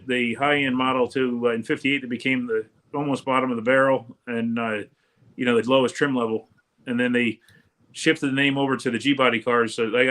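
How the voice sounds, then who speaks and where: A man's voice: mid-range voice, a bit bright. A man chatting casually on a live stream, telling stories and talking cars. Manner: fast storyteller, car talk.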